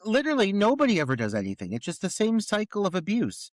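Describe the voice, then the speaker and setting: A man on a podcast tears into a film in casual review chat, his high voice swinging widely as he fires off exasperated rhetorical questions. He swears freely. The recording is close and dry. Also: huge pitch swings, fast, no room sound, poor audio. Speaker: podcast co-host.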